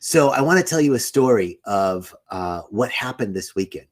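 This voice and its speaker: A man's voice: medium pitch, animated, normal speed. A middle-aged man hosting a spiritual live stream, chatting casually, greeting viewers by name and telling a candid story.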